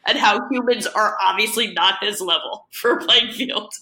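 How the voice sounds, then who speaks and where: A woman's voice: mid-range voice, moderate pace, sharp tone. A woman chatting on a podcast, playful and cheeky, laughing often. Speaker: podcast guest co-host. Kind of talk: casual chat.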